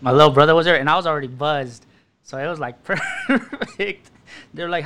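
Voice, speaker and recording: A man's voice: on the high side, wildly swooping pitch, moderate pace, sharp tone, slight background noise. A man co-hosting a podcast, telling stories in a loose, profane, laughing way. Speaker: podcast co-host. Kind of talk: casual chat.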